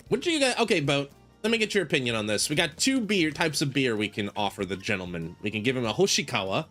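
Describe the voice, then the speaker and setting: A man's voice: medium pitch, sing-song, quick pace, fairly bright tone, faint music behind. Chatty rambling male game streamer. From United States. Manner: rambling, chatty, many "like" fillers. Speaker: streamer playing a shop simulator. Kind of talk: casual gaming commentary.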